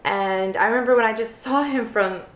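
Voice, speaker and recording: A young woman vlogger chats through a personal story, dropping "like" into nearly every sentence. Her voice sits a bit high, and the recording carries a roomy echo. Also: normal speed. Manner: chatty, heavy use of "like" fillers. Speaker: vlogger, first-time mother. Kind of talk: casual storytelling to camera.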